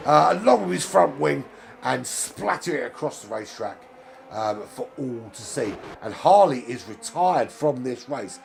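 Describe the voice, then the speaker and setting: Gravelly sim racing commentator. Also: male voice, mid-range voice, measured pace, a little hiss or hum. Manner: chatty, fillers, rises to excited calls on overtakes. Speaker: race commentator. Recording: music bed under the voice.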